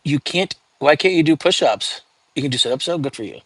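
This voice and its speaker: A man's voice: fairly high pitch, lively intonation, fairly quick, a bit bright, slightly rough, dry recording. Chatty man on a dry livestream. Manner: chatty, frequent fillers, reads out viewer comments. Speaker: livestream host. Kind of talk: casual livestream chat with viewers.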